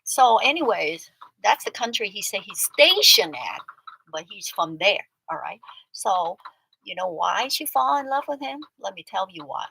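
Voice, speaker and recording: Livestream host, woman: husky, bright voice, lively casual storytelling with loud bursts and quiet asides. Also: medium pitch, moderate pace, low-quality recording. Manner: animated, chatty, swings between loud outbursts and muttered asides. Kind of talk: casual storytelling to a live chat.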